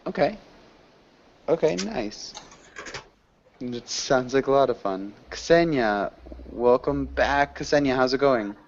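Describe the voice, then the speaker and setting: A man's voice: medium pitch, slow pace, long pauses, lo-fi sound, a little hiss or hum. A man teaching an online English class, chatting casually with students and rambling through fillers. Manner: relaxed, rambling, many fillers.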